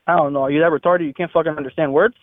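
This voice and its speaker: A man's voice: a little high, fairly even intonation, very fast, no echo. A man on a phone call, angry, profane and threatening, ranting at the person who left him a note. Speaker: caller. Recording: tinny phone line.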